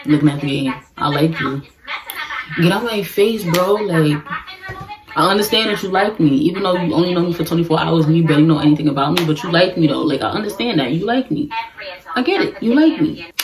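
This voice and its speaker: A woman in her early twenties with a New York accent, telling a casual storytime in slangy, animated talk and acting out what people said. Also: sits low, rough recording. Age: 20s. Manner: animated, slangy, acts out quotes. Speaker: vlogger.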